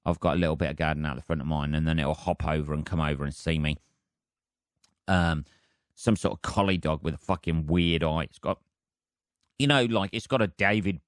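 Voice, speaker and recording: Low-voiced sweary man rambling. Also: fairly quick, no room sound, studio quality. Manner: rambling, heavily sweary, deadpan. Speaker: comedian and podcast host. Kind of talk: casual solo podcast monologue.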